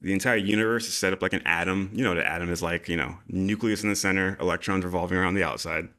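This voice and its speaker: A man with a very deep, low voice, chatting loosely on a livestream. He sounds excitable and casual and drops curse words as he riffs. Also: quick pace. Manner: loose, excitable, swears freely. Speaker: podcast co-host.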